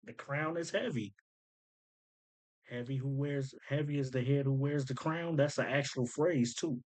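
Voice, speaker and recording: A man's voice: mid-range voice, unhurried, background noise. Man eagerly breaking down rap lyrics. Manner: eager, explanatory, keeps pointing things out. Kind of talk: casual commentary.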